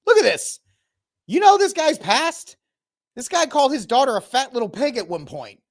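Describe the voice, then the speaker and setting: Animated man giving opinionated commentary. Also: very high-pitched, normal speed. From Texas. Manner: animated, opinionated, mocking impressions. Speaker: commentary host. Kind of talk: reaction commentary.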